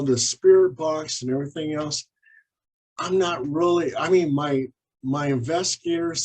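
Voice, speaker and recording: Husky, animated man telling ghost stories. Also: fairly high pitch, rough recording. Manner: animated anecdotes, acts out quoted dialogue. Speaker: paranormal investigator and author, guest. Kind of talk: storytelling in an interview.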